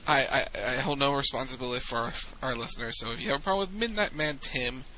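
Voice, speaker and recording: A man's voice: mid-range voice, fast, pushed and bright, a little hiss or hum. A man co-hosting a podcast in casual, joking banter. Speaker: podcast co-host. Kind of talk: casual chat. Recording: dull lo-fi with faint ambience.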